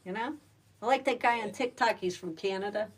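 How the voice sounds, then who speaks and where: A woman's voice: medium pitch, a little fast, husky, recorded from a distance. Middle-aged woman, stand-up comic, salty and chatty, a little off-mic. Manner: chatty, salty, rambling with many fillers. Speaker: livestream host and stand-up comic. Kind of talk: casual livestream chat.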